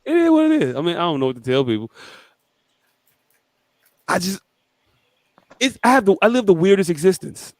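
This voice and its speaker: A man chatting on a podcast, his voice pitched high for a man and swinging all over the place as he tells stories. He swears freely and jumps into shrill voices to act out other people. The sound is dry and close, with no room echo. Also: sing-song, moderate pace, pauses often. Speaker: podcast co-host. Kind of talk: casual chat.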